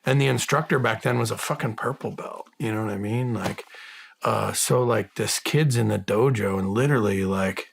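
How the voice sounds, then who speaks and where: A man's voice: on the low side, normal speed, gravelly, breathy edge. A middle-aged man and former soldier, giving an interview as the guest and telling stories bluntly, swearing constantly and acting out the people he quotes. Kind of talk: casual profane storytelling.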